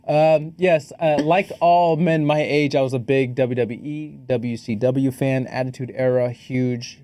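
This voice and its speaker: A man co-hosting a podcast in casual chat, joking and spinning deadpan tall tales. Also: medium pitch, unhurried, no room sound. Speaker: podcast co-host.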